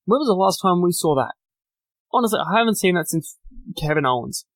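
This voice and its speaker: Man, chatty podcast recap, fairly high voice, dry close sound, opinionated asides. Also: lively intonation, brisk, a bit bright, dry recording. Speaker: podcast host. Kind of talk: solo wrestling recap podcast.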